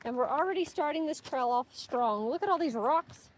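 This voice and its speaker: A woman's voice: high-pitched, animated, normal speed, a little hiss or hum. A young woman narrating her hiking vlog outdoors on a mountain trail, chatting upbeat to viewers and her dog. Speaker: vlogger.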